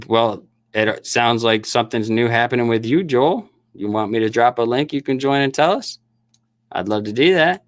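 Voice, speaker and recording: Snake-breeder livestream host, middle-aged man, low-pitched voice, stammery and chatty, dry home recording. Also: no echo. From Upper Peninsula of Michigan. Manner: laughing, chatty, stammering restarts. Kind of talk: casual livestream chat with viewers.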